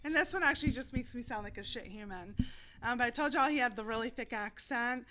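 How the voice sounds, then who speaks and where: A woman's voice: on the high side, fast, noisy background. A woman co-hosting a casual chat, telling stories with lots of laughs and animation. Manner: giggly, animated storytelling. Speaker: podcast co-host.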